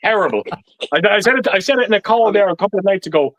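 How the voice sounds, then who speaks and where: A man's voice: high-pitched, expressive, fast, a bit bright, no room sound, low-quality recording. A man hosting a casual livestream chat, swearing often and laughing as he stumbles over restarts. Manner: swears constantly, laughs a lot, stammers on restarts. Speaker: livestream host.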